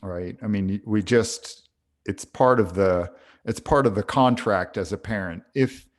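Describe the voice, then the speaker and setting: Slow, low-voiced reflective man. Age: parent. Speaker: podcast co-host. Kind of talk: reflective conversation.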